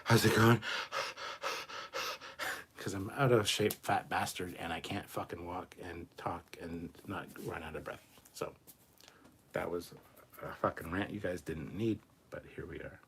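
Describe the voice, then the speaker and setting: Speaking slowly in a deep, steady, creaky voice with long pauses, a man hosts a casual livestream; the sound is a bit bright with a little hiss or hum. He reads viewer comments aloud and responds in a rambling, profane, self-mocking way.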